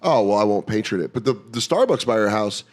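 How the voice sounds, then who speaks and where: A man's voice: lowish voice, animated, quick pace. A man chatting casually on a podcast, telling stories and acting out quoted voices along the way. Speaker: podcast guest, comedian. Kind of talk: casual chat.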